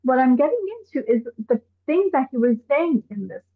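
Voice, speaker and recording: Woman from iran guesting on a live show, kinda high voice, animated and exasperated, tinny call audio. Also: normal speed. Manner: animated, exasperated rhetorical questions. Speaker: activist guest. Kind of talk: live online discussion.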